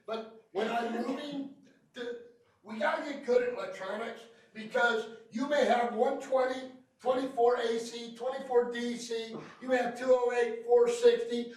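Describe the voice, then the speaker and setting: A man with a very high voice leads a hands-on training class, cracking jokes and pulling answers from the trainees. He is picked up from a distance in a very echoey room. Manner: joking storyteller who quizzes the class. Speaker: field service trainer. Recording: very echoey room, recorded from far off.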